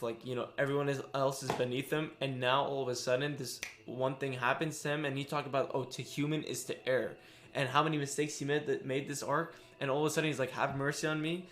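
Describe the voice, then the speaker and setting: A man casually chatting as a stream host about a manga chapter, animated and filler-heavy, acting out quotes. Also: mid-range voice, quick pace, slight background noise.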